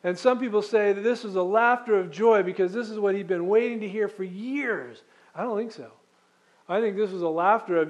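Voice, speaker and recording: A man's voice: sits high, fairly quick, dull audio. A man preaching a sermon as pastor, reading scripture and explaining it in a conversational, emphatic way, asking the congregation questions.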